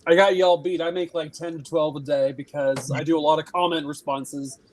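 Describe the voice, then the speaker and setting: Man, somewhat high voice, easygoing panel chat, video call mic. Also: steady tone, a little fast, poor audio. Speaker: content creator. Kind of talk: casual livestream panel chat.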